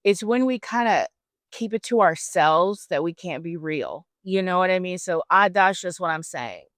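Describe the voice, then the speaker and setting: Chatty woman host with a smooth voice. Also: lowish voice, normal speed, dry recording. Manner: animated, chatty, slangy asides. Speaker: podcast host. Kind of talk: casual faith-based storytelling.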